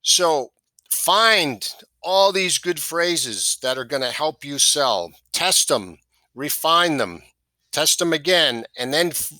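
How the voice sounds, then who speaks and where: Man, sales trainer, very bright voice, dry close sound, coaching tone. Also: a little high, no echo. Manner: coaching, repeats key phrases, asks "right?" and "okay?". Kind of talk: instructional talk to camera.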